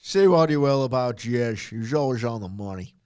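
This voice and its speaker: A man's voice: mid-range voice, lively intonation, a little mellow, clear, resonant tone. A man co-hosting a casual podcast, trading playful jokes and banter. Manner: jokey, playful banter, quick to laugh. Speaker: podcast co-host. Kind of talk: casual live podcast chat.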